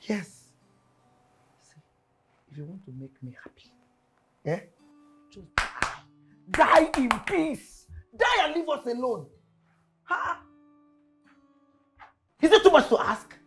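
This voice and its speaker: A scornful Nigerian wife. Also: female voice, sits low, animated, slow pace, long pauses, soft background music, full character voice. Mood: contemptuous. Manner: shouting, mocking, scornful. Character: bitter wife scorning her sick, broke husband. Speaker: actress. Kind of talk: film drama acting.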